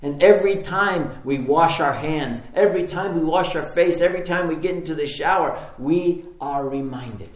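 A man who is a pastor, preaching a sermon in an animated, conversational storytelling way with repeated phrases. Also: fairly high pitch, moderate pace, few pauses, roomy sound.

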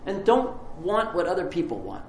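A man voicing a male lawgiver who lists rules in an offhand, halting way. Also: sits high, wildly swooping pitch, echoey room, slight background noise.

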